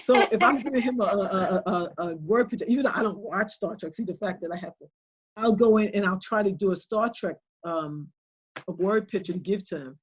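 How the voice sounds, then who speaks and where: A middle-aged woman, a homeschooling mother and guest speaker, telling stories in a rambling, animated way with many restarts. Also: mid-range voice, a little fast, slightly rough, highs cut off. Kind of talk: conversational livestream talk.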